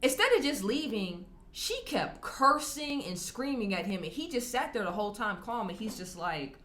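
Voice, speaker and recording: Bright, chatty woman vlogger. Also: a little high, moderate pace. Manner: chatty and candid, often laughing mid-sentence; animated, acts out quoted people in shifting voices. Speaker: YouTube commentator answering viewer comments. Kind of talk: casual commentary to camera.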